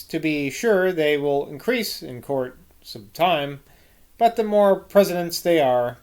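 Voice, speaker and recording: A man voicing a stern, learned 18th-century English gentleman, speaking emphatically. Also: on the high side.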